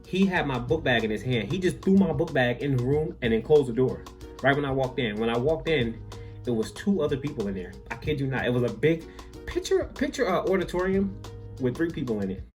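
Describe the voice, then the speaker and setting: Animated young man telling a story. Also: mid-range voice, fast, faint music behind. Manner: animated, filler-heavy, lots of "like". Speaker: vlogger. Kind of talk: comic storytime narration.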